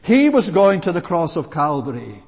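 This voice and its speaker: A man preaching a sermon in an earnest, emphatic and deliberate way. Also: fairly high pitch, sing-song, darkish tone, slightly rough, in a large hall.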